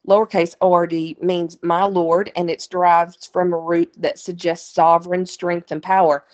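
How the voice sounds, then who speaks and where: Woman, Bible study teacher, lower-pitched voice; reads verses, then chats through them with the class. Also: a little mellow. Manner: explains plainly, conversational asides to listeners. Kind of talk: Bible lesson with scripture reading.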